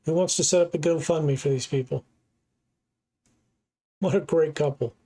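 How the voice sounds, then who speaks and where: Middle-aged american guy reacting to a video, earnest and opinionated, kinda high voice. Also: normal speed, warm tone, husky. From United States. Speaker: reaction channel host. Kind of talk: casual commentary.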